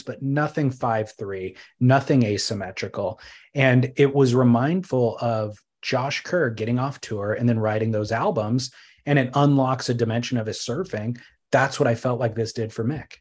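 Animated man talking surfboards. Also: mid-range voice, moderate pace. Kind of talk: casual chat.

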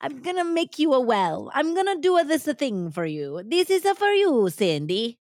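A woman voicing a man, a mobster, in a halting mock-Italian accent. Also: high voice, sing-song, a little mellow, no echo, clean studio sound, pitched above the performer's own voice. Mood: menacing.

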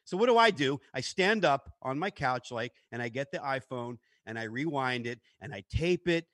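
A man's voice: mid-range voice, animated, normal speed, a bit bright, no echo. A man co-hosting a podcast, telling a story and growing indignant as he goes. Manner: storytelling, getting worked up and indignant. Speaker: podcast co-host. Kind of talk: casual podcast chat.

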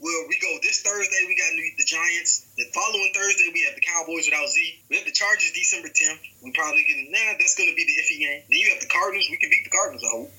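A man co-hosting a casual sports talk show, ranting with heavy profanity and animated energy. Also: a little high, fast talker, hardly any pauses, poor audio. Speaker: podcast co-host.

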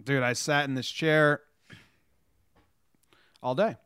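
A man co-hosting a podcast in casual chat, reading things out in a wry, deadpan way. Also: medium pitch, slow pace, clean tone, dry recording, studio quality. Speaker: podcast co-host.

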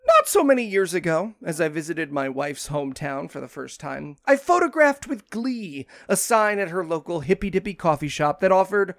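Man, comedy podcast co-host, wry deadpan jokes, lively pitch. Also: normal speed, creaky, hardly any pauses, no room sound. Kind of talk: casual comedic chat.

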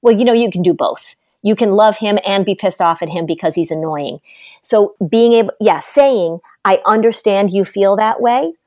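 A middle-aged woman giving parenting advice in a podcast conversation, emphatic and animated as she tells stories. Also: medium pitch, normal speed, no room sound, studio quality. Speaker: parenting expert guest.

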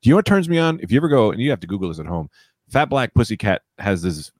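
A man's voice: on the low side, big pitch swings, racing, darkish tone, dry recording, clean studio sound. A man hosting a casual comedy podcast, riffing playfully and laughing often. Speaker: podcast host.

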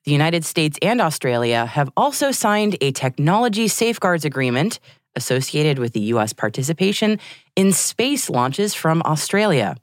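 A woman hosting a news podcast, reading the day's headlines in a lively, articulate newsreader manner. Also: sits low, normal speed, no echo, clean studio sound. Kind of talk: scripted news reading with banter.

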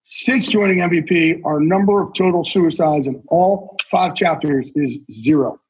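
Husky high-voiced guy, fired up and blunt on a podcast, dull lo-fi sound. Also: measured pace. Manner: intense, earnest, salty language. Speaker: guest, sportswriter and NFL insider. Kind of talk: casual podcast conversation.

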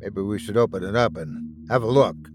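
A man's voice: lowish voice, moderate pace, pitched below the performer's own voice, close to an everyday voice. A man playing a blunt, impatient ship captain who gives orders. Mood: commanding. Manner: commanding and impatient.

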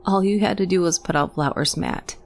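A woman's voice: low-pitched, a little slow, darkish tone, husky, exaggerated voice. A woman voicing a frightened, insistent young woman, who talks urgently and drops into whispers.

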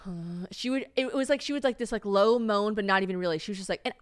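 A young woman co-hosting a podcast in casual chat, animated and acting out scenes as she tells a story. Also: mid-range voice, fast talker, smooth, dry recording, studio quality. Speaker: podcast co-host.

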